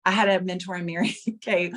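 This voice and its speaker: A woman's voice: on the low side, steady tone, fairly quick, a bit bright. A middle-aged woman giving a casual motivational talk as a sales director, chatty and earnest, often calling her listeners "you guys.".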